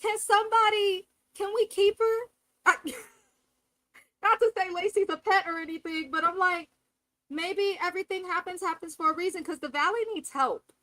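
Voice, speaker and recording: A woman's voice: very high voice, normal speed, bright, forceful tone, dry recording, low-quality recording. A woman hosting a live reality TV recap, talking candidly and profanely and acting out cast members' lines. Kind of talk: live casual review commentary.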